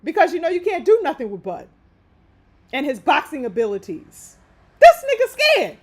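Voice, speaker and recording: Female host, high lively voice, fiery profane boxing rant. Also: moderate pace. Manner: heated, emphatic, profane ranting. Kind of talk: live opinion commentary.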